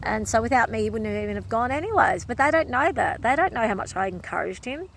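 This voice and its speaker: A woman's voice: a little high, expressive, fast talker, creaky, a little hiss or hum. A woman vlogger in an emotional personal monologue, speaking emphatically and repeating phrases over and over.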